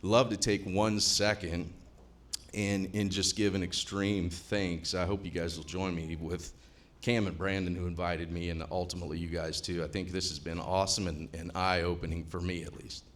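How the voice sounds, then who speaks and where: Speaking to a live seminar crowd, this 50-something attendee from the US Midwest rambles, jokes and swears casually. His voice is low and a bit bright, with little pitch movement and a normal speed.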